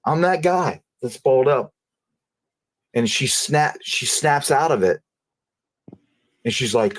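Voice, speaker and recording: A man telling a personal story in an interview, in a casual, halting way, often repeating and restarting phrases. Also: medium pitch, no echo. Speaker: interview guest.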